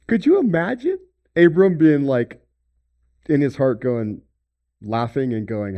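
A man preaching a sermon, swinging between loud emphasis and hushed near-whispers. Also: medium pitch, lively intonation, measured pace, pauses often, dull audio. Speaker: pastor.

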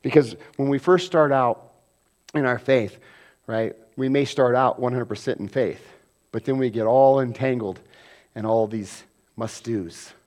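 A man preaching a sermon as pastor, animated, acting out quoted voices and swinging from loud bursts to hushed asides. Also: mid-range voice, moderate pace.

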